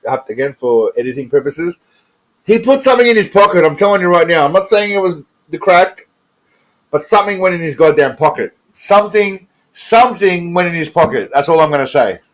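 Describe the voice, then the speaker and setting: Dude rambling over clips, kinda high voice, swears a lot, keeps laughing and getting sidetracked. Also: male voice. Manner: rambling, profane, chuckling, goes off on tangents. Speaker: reaction video host. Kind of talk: casual commentary over clips.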